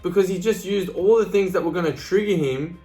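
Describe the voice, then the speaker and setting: A man's voice: sits high, a little fast, mellow, faint music behind. A man giving a casual motivational talk to camera, blunt and plain-spoken, swearing freely and often checking in with "right?" and "you know". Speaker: motivational speaker.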